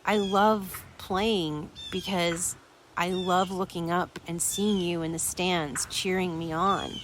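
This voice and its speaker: Brief: woman doing a sorry husband, soft-spoken and halting, low and hushed. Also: steady tone, a little hiss or hum. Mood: tender. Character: remorseful grown man apologizing to his wife.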